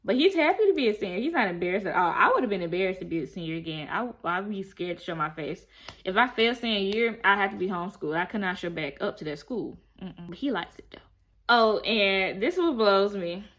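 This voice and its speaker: A woman in a casual, animated recap of a TV show, telling it in a slangy, chatty way. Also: medium pitch, fast. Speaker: TV show reviewer.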